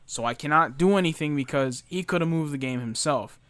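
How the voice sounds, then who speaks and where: Young man, slightly high voice, smooth and clear, dry close sound, exasperated storytime rant. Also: fairly bright tone, dry recording. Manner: exasperated, talks fast with many fillers, mimics the customer. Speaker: retail worker telling a story.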